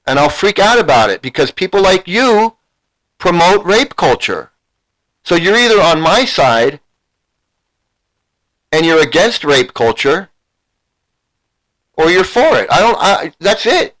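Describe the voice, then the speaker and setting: A man's voice: sits high, sing-song, measured pace, pauses often, a bit bright, poor audio. A man ranting as a YouTube commentator, heated and profane, repeating himself as he confronts viewers. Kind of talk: angry rant to a live chat.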